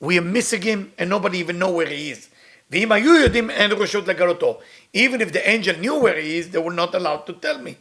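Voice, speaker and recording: Man, high voice, quick, reads then explains in English. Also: lively intonation, fairly bright tone. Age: middle-aged. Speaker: Kabbalah teacher. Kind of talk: storytelling lesson with translation.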